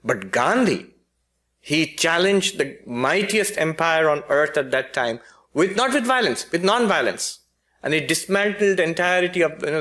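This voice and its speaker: A man's voice: fairly high pitch, fairly bright tone. A man, a spiritual teacher, giving a philosophy lecture with humorous storytelling and frequent self-corrections.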